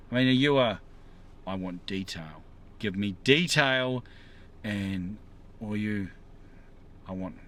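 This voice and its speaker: A man's voice: on the low side, a bit bright. A man talking casually to his viewers from a parked car, musing in a rambling way and asking them questions. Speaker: vlogger. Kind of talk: casual monologue to camera.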